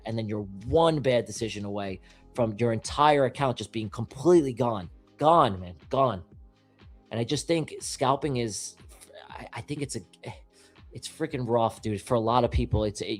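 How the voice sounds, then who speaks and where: A man hosting a live trading stream, giving blunt, emphatic advice with plenty of swearing. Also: medium pitch. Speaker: trading show host. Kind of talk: casual live-stream chat.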